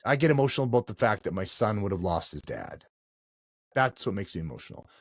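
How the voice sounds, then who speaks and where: Middle-aged male guest, low register, conversational storytelling, dry mic. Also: very animated, fast, dry recording. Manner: storytelling, frequent restarts and "like". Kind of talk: conversational interview.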